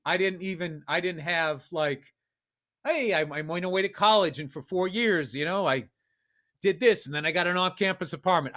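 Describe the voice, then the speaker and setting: A man from Massachusetts tells a story on a podcast, swearing freely and acting it out as he goes. His voice sits high and rings bright. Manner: profane, animated storytelling with acted-out voices. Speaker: podcast co-host. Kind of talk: storytelling in casual chat.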